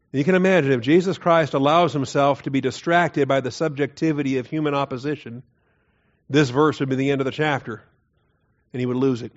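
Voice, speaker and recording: A man teaching through Bible verses in an earnest, emphatic way, often dropping his voice low to stress a point. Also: steady tone, brisk. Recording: dull lo-fi recording.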